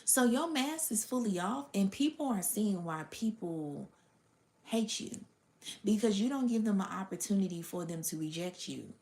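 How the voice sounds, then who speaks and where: A woman's voice: mid-range voice, expressive, normal speed, darkish tone. A woman giving a casual spiritual reading to her audience, blunt and profane, sometimes dropping to a whisper. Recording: roomy echo.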